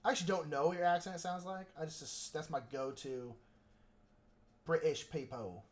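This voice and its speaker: A man's voice: a little high, fast. A man hosting a casual livestream, talking in a rambling, joking way with plenty of filler words. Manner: joking, self-mocking. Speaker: livestream host painting miniatures.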